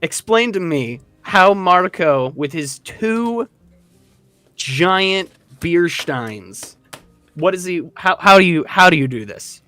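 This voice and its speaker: A man's voice: sits high, takes it slowly. Man casually narrating a tabletop game. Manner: casual, animated storytelling with many fillers. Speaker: dungeon master.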